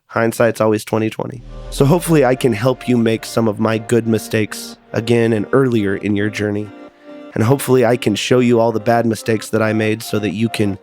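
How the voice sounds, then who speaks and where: A man's voice: mid-range voice, darkish tone. A man hosting a podcast, telling a personal story in an earnest, confessional way and sometimes repeating words as he goes. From United States. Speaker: podcast host.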